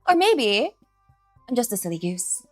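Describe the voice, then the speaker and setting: A woman's voice: on the low side, no echo. A woman streamer chatting casually at her setup, giggly, scattered and self-deprecating, often restarting her sentences. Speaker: streamer, virtual avatar host. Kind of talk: casual live-stream chat.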